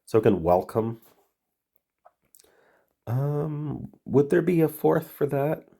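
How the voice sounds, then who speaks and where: A puzzle-solving video host with a head cold mutters and thinks aloud as he works through word puzzles, his voice congested. It's a fairly high, mellow male voice with creak, lively intonation and a slow pace. He reads words aloud and lets sentences trail off.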